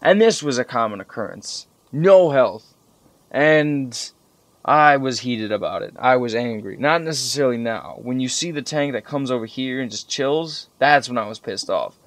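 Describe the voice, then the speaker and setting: A young man giving casual, profanity-laden commentary over strategy game footage, rambling and getting animated when he recalls frustrating moments. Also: medium pitch, normal speed, dry recording. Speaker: gameplay commentator.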